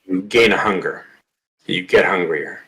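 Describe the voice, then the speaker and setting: A man's voice: low-pitched, a little slow, fairly bright tone, poor audio. A man running a tabletop horror game, narrating scenes vividly and checking rules with players. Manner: vivid, dramatic narration mixed with rules talk. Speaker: game master.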